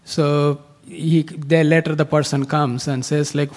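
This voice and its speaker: Higher-voiced man retelling a story in class. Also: flat delivery, unhurried, hardly any pauses, a little mellow. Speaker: class participant.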